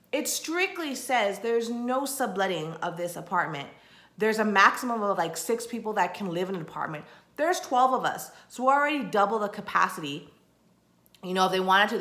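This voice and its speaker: Exasperated woman vlogger in an echoey room. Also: mid-range voice. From Texas. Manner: animated, acts out quoted people, exasperated rants. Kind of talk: casual storytelling.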